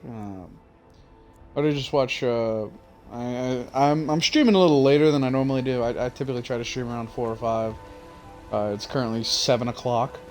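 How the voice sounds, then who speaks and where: A man's voice: mid-range voice, a little fast, darkish tone, faint music behind. A tired young man streaming a game, rambling with lots of fillers and casual swearing. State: yawning, tired. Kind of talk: casual gameplay commentary.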